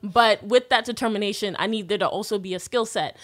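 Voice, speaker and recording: A woman's voice: mid-range voice, moderate pace, few pauses, a bit bright. A woman co-hosting a casual sports chat, easygoing, laughing often and dropping "like" and "yo". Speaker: sports podcast co-host.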